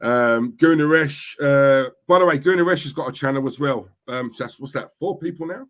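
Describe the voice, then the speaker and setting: A man's voice: medium pitch, moderate pace, fairly bright tone. A young man with an East London Cockney accent, hosting a casual livestream and chatting as he reads out comments, blunt and repeating himself as he talks. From East London, England. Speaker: livestream host reading chat.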